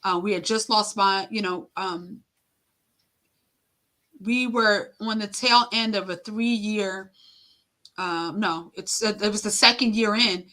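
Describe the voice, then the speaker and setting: A middle-aged woman, a guest on an interview, telling an emotional personal story haltingly with many fillers and acted-out quotes. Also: mid-range voice, sharp tone.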